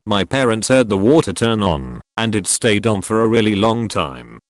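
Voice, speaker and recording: A man narrating forum stories in a steady, even scripted read. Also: fairly low pitch, normal speed, no room sound.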